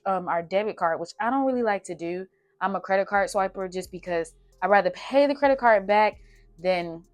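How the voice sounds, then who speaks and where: A young woman, chatting casually through her budget and talking to herself as she adds up numbers. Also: medium pitch. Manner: chatty, talks to herself while doing math. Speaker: budgeting vlogger.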